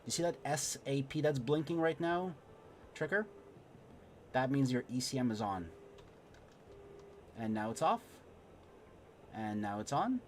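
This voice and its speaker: Excitable man narrating a dogfight live. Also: mid-range voice, measured pace, long pauses, a little hiss or hum. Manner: excitable, mutters to himself mid-dogfight. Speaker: streamer teaching flight sim combat. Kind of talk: live gameplay commentary and tutorial.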